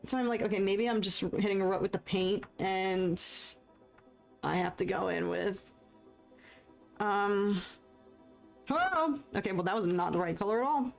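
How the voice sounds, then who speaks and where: A young American woman chatting casually and excitably while painting on a live stream, joking at her own expense and answering viewers. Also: medium pitch, normal speed, gravelly, faint music behind. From United States. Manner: chatty, excitable, self-deprecating, reads chat aloud.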